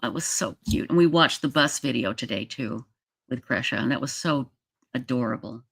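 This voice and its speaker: Livestream host: gravelly, dry close sound, emotional and halting, casual chat. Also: mid-range voice, lively intonation, a bit bright, dry recording. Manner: emotional, halting, many fillers. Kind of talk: casual livestream chat, reading comments aloud.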